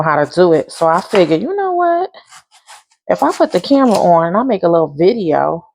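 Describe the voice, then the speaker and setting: A woman who drives a school bus, chatting casually while she cooks in her home kitchen, a laughing storyteller. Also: on the low side. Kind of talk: casual cooking vlog.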